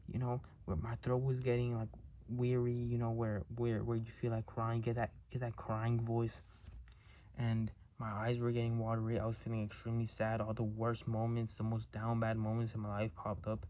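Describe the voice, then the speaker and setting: A young man talking through a raw, halting monologue, emotional and near tears, repeating words and swearing often. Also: mid-range voice, warm tone, husky. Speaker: vlogger. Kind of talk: confessional monologue to camera.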